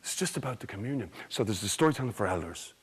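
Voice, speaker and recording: A rough recording captures an Irish man's lowish, slightly rough voice as he talks fast. He's a storyteller giving an animated, theatrical conference talk live, full of jokes and quizzes for the audience.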